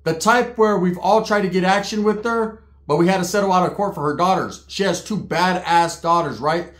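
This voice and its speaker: Man, comic storyteller, crude slangy delivery, higher register. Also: moderate pace. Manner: slangy, crude, laughing asides. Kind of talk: comedic storytelling. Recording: roomy echo.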